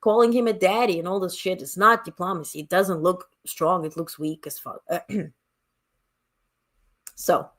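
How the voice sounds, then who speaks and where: A woman's voice: lowish voice, fairly even intonation, unhurried, long pauses. A woman with a non-native English accent hosting a live stream, talking bluntly and reading viewers' chat comments aloud. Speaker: livestream host.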